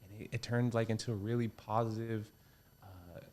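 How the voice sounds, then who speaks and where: Young man, low voice, casual swearing chat. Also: normal speed. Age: young adult. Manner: relaxed, swears a lot, animated quoting voices. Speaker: podcast guest, comedian.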